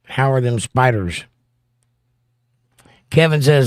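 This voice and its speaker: A man's voice: medium pitch, a little slow, darkish tone, dry recording, studio quality. Joking American man reading live chat. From United States. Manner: joking, playfully combative banter. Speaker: livestream host. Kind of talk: casual livestream chat, reading viewer comments.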